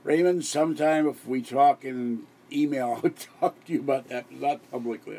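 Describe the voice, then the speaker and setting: This older live-stream host from around Pittsburgh is worn out and short on sleep, giggling and rambling through repeated restarts late at night. He speaks at a moderate pace with a medium-pitched, warm, husky voice.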